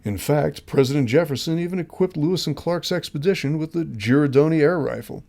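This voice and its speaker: A man's voice: fairly high pitch, fairly quick, gravelly, dark tone. A man hosting his own show, reading scripted commentary in an earnest, emphatic way with rhetorical questions. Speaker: host.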